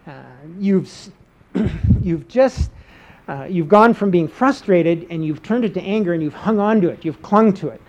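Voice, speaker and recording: A woman's voice: mid-range voice, lively intonation, normal speed, mellow. A woman preaching a Bible-teaching sermon, posing rhetorical questions and checking in with her listeners by asking "okay?".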